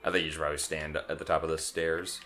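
A man with a very low, deep voice chats casually over a video game playthrough. He is relaxed and teasing, and laughs often. Faint game music plays in the background. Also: quick pace. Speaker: let's play co-host. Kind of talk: casual gameplay chat.

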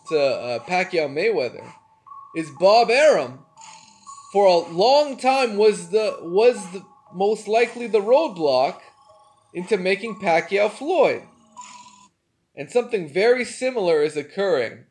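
Man, high voice, profane exasperated rant, casual commentary, faint background music. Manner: profane, exasperated ranting with laughs. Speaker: boxing news commentator.

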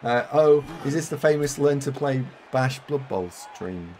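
A man's voice: mid-range voice, lively intonation, unhurried, a little mellow, slight background noise. A man with a Yorkshire accent casually commentating his own game live, thinking aloud and chatting with viewers. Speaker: game streamer.

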